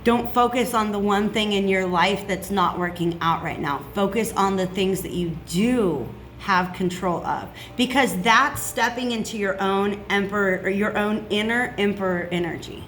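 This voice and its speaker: A woman's voice: medium pitch, moderate pace, few pauses, a bit bright, a little hiss or hum. A woman giving a casual tarot reading, chatty and reassuring, checking in with "okay?" often. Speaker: tarot reader.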